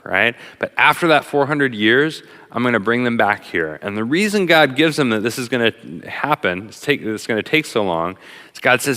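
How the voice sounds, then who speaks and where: Middle-aged guy preaching, super casual and animated, bright voice, lots of hall echo. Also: medium pitch, normal speed. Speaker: pastor. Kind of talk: sermon. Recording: long hall reverb.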